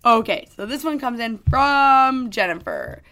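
A woman's voice: a little high, huge pitch swings, unhurried, sharp tone. A woman co-hosting a radio show in a studio, chatting casually, laughing easily and reading listener mail aloud.

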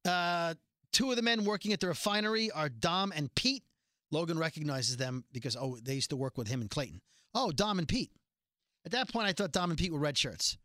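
A man's voice: fairly high pitch, lively intonation, a little fast, sharp tone, no room sound, studio quality. A man casually recapping a TV episode as a podcast host, chatty and joking, with rambling asides. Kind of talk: casual chat.

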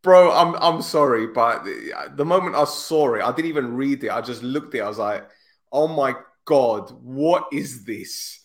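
A man co-hosting a casual football podcast over a remote call, easily amused and quick to break into big laughs. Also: mid-range voice. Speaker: podcast co-host.

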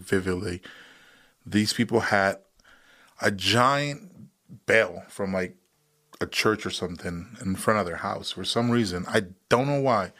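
Low-voiced man telling a vivid story. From United States. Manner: animated retelling, acts out quoted voices. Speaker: podcast guest, veteran. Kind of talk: casual storytelling.

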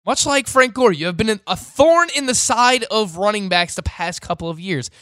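A man's voice: high-pitched, lively intonation, moderate pace, bright, forceful tone, dry recording, clean studio sound. A man co-hosting a sports podcast, giving opinionated analysis with a teasing edge.

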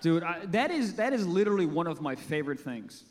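A man with a high, bouncy voice rambling through crude, goofy stories as a comedy podcast co-host. He is recorded on a live stage. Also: big pitch swings, a little fast. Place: live stage show before an audience.

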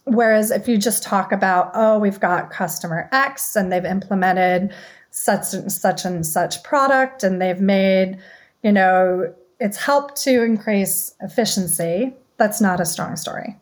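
A woman's voice: medium pitch, measured pace. A woman who is a guest on a business podcast, explaining her views fluently and often adding "right?" and "you know". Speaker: guest, communications head. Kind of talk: conversational interview.

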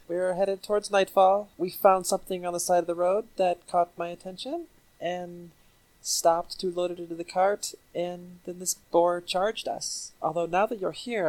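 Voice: medium pitch, steady tone, normal speed, a little mellow. A player in a tabletop game, talking casually and speaking politely and evenly in character.

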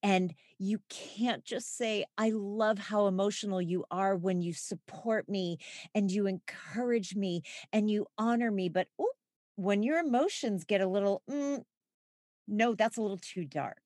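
A woman speaking in an expressive, reflective way in a conversational podcast. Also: medium pitch, unhurried, dry recording, clean studio sound.

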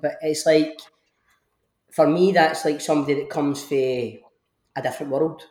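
A man's voice: on the high side, steady tone, moderate pace, darkish tone. A man in his thirties with a broad Glaswegian accent, chatting casually and laughing often. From Scotland. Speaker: podcast guest, actor. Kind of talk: casual chat. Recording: echoey room.

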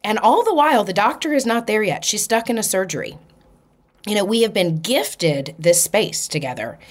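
A woman hosting a podcast, telling a personal story in an animated way and acting out the people in it. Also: medium pitch, moderate pace. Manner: animated, acts out quoted voices. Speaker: podcast host. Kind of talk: storytelling monologue.

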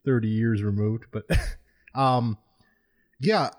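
A man in casual film-review chat who talks in a relaxed, rambling way and often restarts his sentences. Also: mid-range voice, slow pace. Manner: relaxed, rambling, self-interrupting.

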